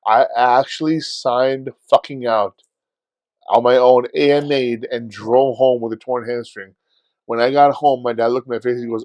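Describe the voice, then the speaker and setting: A man co-hosting a podcast in casual chat, telling stories in a profane, animated way and acting out his own shouting. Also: mid-range voice, moderate pace, dry recording. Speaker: podcast co-host.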